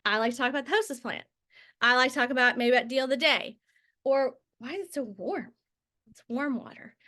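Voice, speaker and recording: Bright high-voiced chatty woman. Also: fairly quick. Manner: chatty, tangents and filler words. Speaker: network marketing trainer. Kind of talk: casual training talk.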